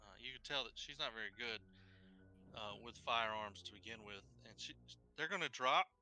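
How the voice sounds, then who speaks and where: A man's voice: mid-range voice, normal speed, sharp tone. A man narrating a tabletop game as game master, describing scenes casually with many fillers.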